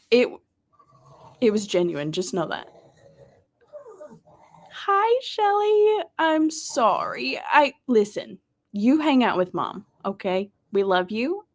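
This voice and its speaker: A woman hosting a live reading stream, chatting casually, reading viewers' messages aloud, often laughing and sometimes dropping to a soft whisper. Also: medium pitch, measured pace. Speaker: livestream host of reading sprints.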